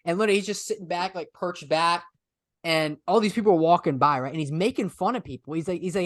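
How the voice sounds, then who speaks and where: A man's voice: sits high, fast talker, fairly bright tone, no echo. A young man co-hosting a casual podcast, talking in loose, rambling bursts full of filler words. His voice sits close and dry, with no room sound around it. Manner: rambling, lots of filler "I mean" and "literally". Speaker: podcast co-host. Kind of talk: casual chat.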